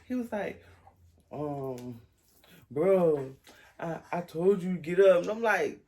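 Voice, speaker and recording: A young woman, chatting casually on a vlog and acting out the people in her story with high, lively voices. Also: takes it slowly, long pauses. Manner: animated storytelling, acts out quotes in high voices. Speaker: vlogger.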